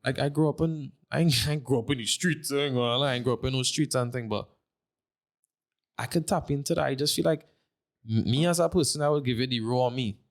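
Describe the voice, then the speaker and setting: A man's voice: mid-range voice, fast. A man in his twenties with a Trinidadian accent, a streamer talking in a brash, slangy, emphatic way as a podcast guest. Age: 20s. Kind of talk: casual podcast conversation.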